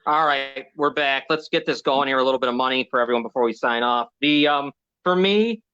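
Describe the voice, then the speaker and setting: A man hosts a casual sports betting show, rambling hesitantly and frequently restarting his sentences. His medium-pitched, sharp, clean voice moves fairly quickly, though the overall sound is dull and lo-fi.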